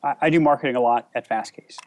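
A man speaking as a guest in a conversational interview, thoughtful and measured, with frequent filler pauses. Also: mid-range voice. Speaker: interview guest, company CEO.

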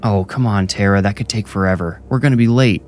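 Guy doing a whiny rushed businessman, low voice, bit raised. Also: animated, slight background noise, lightly acted. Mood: exasperated. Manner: complaining, placating. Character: frustrated male executive, adult, hurried and pleading.

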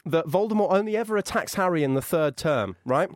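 A man's voice: high voice, animated, brisk, no echo, clean studio sound. A young man, a comedian guest, ranting in mock outrage and jokingly whining. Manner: mock-indignant, jokey, puts on whiny voices. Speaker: podcast guest, comedian and impersonator. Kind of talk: casual comic rant.

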